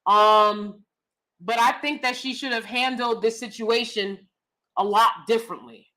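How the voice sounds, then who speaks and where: Blunt woman, livestream host reading chat, lively and laughing, slightly high voice. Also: a little slow. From United States. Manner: animated, laughs often, sassy and blunt. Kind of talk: casual opinionated livestream chat.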